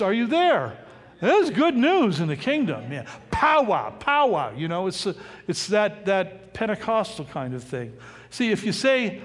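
A male pastor preaching a sermon in a lively, conversational way, often asking the congregation questions. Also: high voice, big-room sound.

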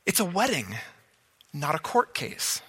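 Preaching in a large, reverberant hall, this man sounds high, tense, and bright-edged, with a breathy quality. He repeats words to drive points home and checks whether the congregation follows, in a sing-song, measured cadence.

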